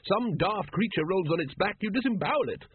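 A booming, hearty noblewoman in an audiobook, her husky voice pitched high and swinging widely, as a male narrator puts her on. The sound is dry and narrow, like a phone line. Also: animated. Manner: booming, brisk.

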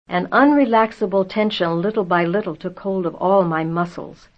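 A woman reading a novel aloud in the first person, measured and tense. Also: lowish voice. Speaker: audiobook narrator. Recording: dull lo-fi audio.

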